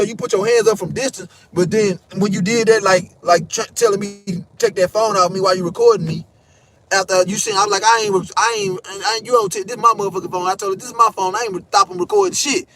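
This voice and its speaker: A young man with a high voice rants through a story in a heated, profane vlog. He jumps into raised voices whenever he quotes someone. Faint noise hums behind him. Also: fairly bright tone. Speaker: vlogger. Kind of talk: animated storytelling rant.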